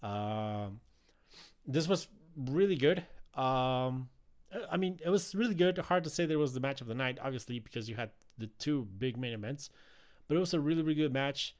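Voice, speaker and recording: A man's voice: mid-range voice, lively intonation, moderate pace, darkish tone. A man casually recapping a wrestling show, rambling with many fillers and restarts. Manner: rambling, frequent fillers and restarts, laughs easily. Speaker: wrestling podcast host.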